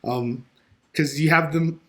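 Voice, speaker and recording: A man guesting on a podcast, chatting casually and telling lively stories, acting out what people said. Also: a little high, slow. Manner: animated storyteller who acts out quoted dialogue. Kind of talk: casual conversation.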